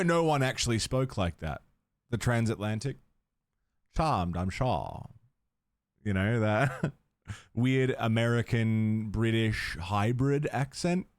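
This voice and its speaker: A man's voice: medium pitch, dry recording. Foul-mouthed male livestreamer, dry sound. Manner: ranting, swears freely, chatty tangents. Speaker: gaming livestreamer. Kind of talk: casual livestream commentary.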